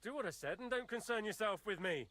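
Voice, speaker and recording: An actor voicing a haughty, short-tempered lord in a video game. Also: male voice, high voice, lively intonation, fast talker, fairly bright tone, no echo. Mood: imperious. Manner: imperious, snappish.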